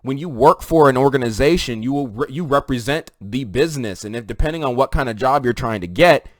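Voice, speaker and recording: A man's voice: medium pitch, fairly quick, dry recording. A man delivers an opinion monologue right into the camera. He talks with emphatic, preachy force and keeps turning to his viewers. His voice sits in a middle range, and the recording is dry and close. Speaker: commentary video host.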